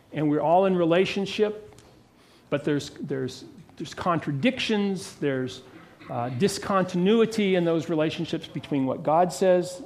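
A pastor delivers a sermon in an earnest, emphatic manner, then lowers his voice to a quiet tone when he prays.

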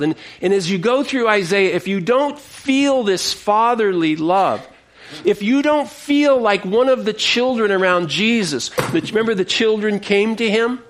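A male pastor preaching a sermon, passionate and expressive, often repeating words as he goes. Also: sits high, measured pace. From United States.

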